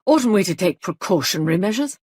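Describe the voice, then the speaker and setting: A woman's voice: mid-range voice, animated, fairly quick, a little mellow, slightly rough, no echo, studio quality. A woman voicing an indignant young husband who speaks bluntly and angrily. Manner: blunt, angry.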